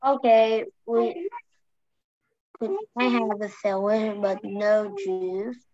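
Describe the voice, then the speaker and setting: A woman's voice: mid-range voice, slow, dull audio, crowd noise. A woman in an online English lesson, hesitantly practicing simple phrases as a learner. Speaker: English student.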